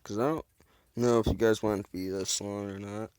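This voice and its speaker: A man's voice: lowish voice, fairly even intonation, brisk, a little mellow, smooth, no echo. A man giving casual, goofy, rambling commentary while playing a game, joking about himself and making silly sound effects. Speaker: gameplay video host. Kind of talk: casual let's-play commentary.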